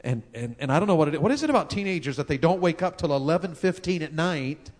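A man's voice: a little high, lively intonation, fast, a little mellow. A man, preaching a sermon on marriage in a folksy, joking way and talking with the crowd. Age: 50s. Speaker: pastor.

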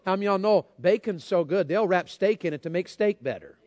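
Folksy preacher, high voice. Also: male voice, lively intonation, a little fast, darkish tone. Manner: folksy storytelling, calls out to congregation. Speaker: pastor. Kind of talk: sermon.

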